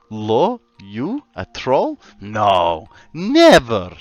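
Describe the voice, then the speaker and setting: A man's voice: mid-range voice, huge pitch swings, drawn-out words, no room sound, lo-fi sound. An Australian man streaming a game, chatting and joking with his viewers. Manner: joking, chats with viewers as he plays. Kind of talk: casual livestream chat. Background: faint background music.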